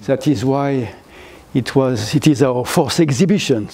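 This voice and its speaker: An older man from France with a French accent, giving a gallery lecture in halting English, full of fillers and restarts. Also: mid-range voice, dark tone. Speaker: guest lecturer. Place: lecture hall, seated.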